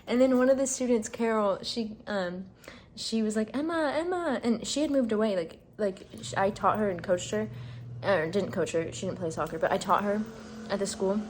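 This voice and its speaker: A woman's voice: mid-range voice, moderate pace, slight background noise. A young woman vlogging indoors, rambling through a heartfelt story with lots of fillers. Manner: gushing, rambling with many fillers. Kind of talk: casual storytelling to camera. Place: indoors, packing up a room.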